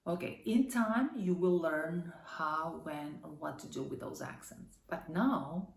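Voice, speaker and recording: A woman teaching a language lesson, speaking slowly and spelling out each word with care. Her voice sits a little low and has a gravelly edge. She sounds cheerful and encouraging, and the room gives a clear echo. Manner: upbeat, encouraging, slow careful pronunciation.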